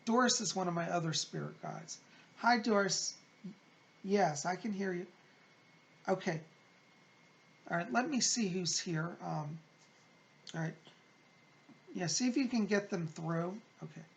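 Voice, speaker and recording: Gravelly-voiced male psychic host. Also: high voice, unhurried, long pauses. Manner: gentle, consoling, chatty, calls listeners "hon". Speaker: psychic medium. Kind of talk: reading viewer letters and relaying spirit messages.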